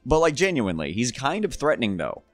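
Male video reviewer, sarcastic, swears, animated voice, dry close mic, music faint behind. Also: mid-range voice, quick pace, dry recording. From American South. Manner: sarcastic, profane, laughs often. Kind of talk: comedic commentary.

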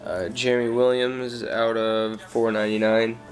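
A young man calmly listing off his trading cards in a casual showcase, with slang and frequent fillers. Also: medium pitch, a little slow. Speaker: card collector.

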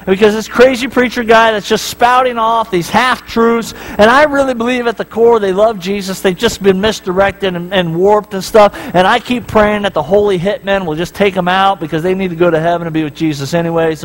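A man's voice: high voice, steady tone, brisk, few pauses, poor audio. A man preaching a sermon as pastor in a church, telling stories and jokes in a casual way and often asking the crowd "right?".

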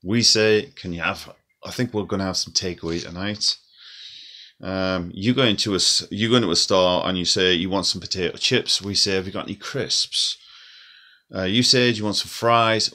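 A man's voice: deep voice, moderate pace, pushed and bright. A British man from the UK, chatting casually to viewers as a vlogger and laughing lightly between points. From United Kingdom. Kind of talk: casual explainer.

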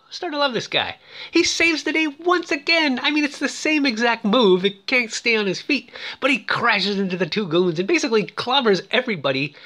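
A man retelling a movie plot in a casual, excitable way, with many fillers and quick put-on voices for the characters. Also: high voice. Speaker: film recap presenter.

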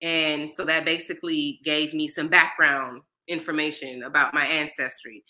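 A woman's voice: deep voice, moderate pace, poor audio. A woman, a mother in her thirties, telling a personal story in a casual interview and acting out the voices of people she quotes. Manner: animated, acts out quoted dialogue. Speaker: interview guest.

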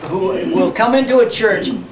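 A man's voice: high-pitched, moderate pace, a little hiss or hum. A man preaching a sermon as pastor, folksy and joking, often laughing. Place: church sanctuary. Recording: echoey church sanctuary, mic from far off.

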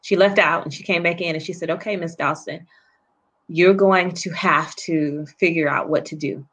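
Interview guest: woman with a lowish voice, speaking softly and haltingly. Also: steady tone. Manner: soft, halting, many pauses and restarts. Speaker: guest author and poet. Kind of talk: personal story in an interview.

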